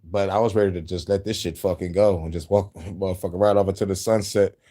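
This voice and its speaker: A man's voice: deep voice, fairly even intonation, fast talker, warm tone. A man talking casually to his viewers, frustrated and profane, laughing often. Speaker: YouTuber.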